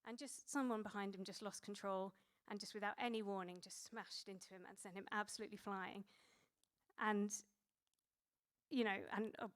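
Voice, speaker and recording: A woman's voice: mid-range voice, fairly even intonation, normal speed. A woman in her thirties preaching a sermon in a conversational way, with many fillers and restarts.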